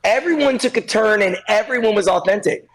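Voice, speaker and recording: A guest expert on a podcast chat, this man coaches stylists emphatically in a high, animated, slightly bright voice, talking a little fast. He acts out little scenes using different voices, and the recording is rough.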